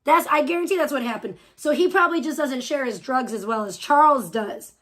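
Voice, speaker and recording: A woman's voice: high voice, fairly quick, fairly bright tone. A woman live-streaming from home, reacting to another stream with profane, mocking, sarcastic commentary.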